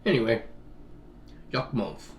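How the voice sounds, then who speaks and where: A man's voice: medium pitch, sing-song, slow pace, slight background noise. A Canadian man with a Canadian accent, chatting loosely at his kitchen table, swearing and laughing as he talks. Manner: crude, swearing, laughing, tags lines with "eh". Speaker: vlogger. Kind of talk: casual vlog chat.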